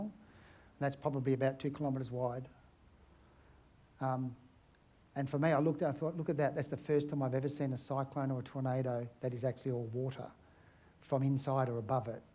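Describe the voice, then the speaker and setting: A middle-aged Australian man with a warm, mid-range voice gives a conference talk as an aerial photographer. He's chatty and anecdotal, posing questions to his audience.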